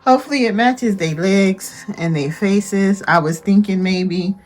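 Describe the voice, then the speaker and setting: A woman's voice: medium pitch, measured pace, darkish tone. Chatty woman vlogging her home. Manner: chatty, laughs often, talks to viewers as y'all. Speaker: family vlogger. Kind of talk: casual home vlog narration.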